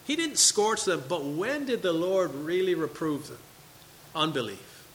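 A man's voice: on the high side, lively intonation, measured pace, a bit bright, long reverb tail, slight background noise, low-quality recording. A man preaching a sermon to his congregation, reading scripture and asking questions. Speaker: pastor. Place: church sanctuary.

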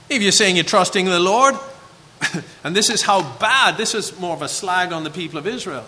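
A man preaching a sermon, animated and acting out the voices of the figures in his text. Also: sits high, moderate pace, big-room sound.

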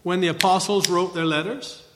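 A man's voice: high voice, steady tone, normal speed, in a large hall, background noise. A man giving a conversational Bible teaching lecture, often checking in with a rhetorical "right?".

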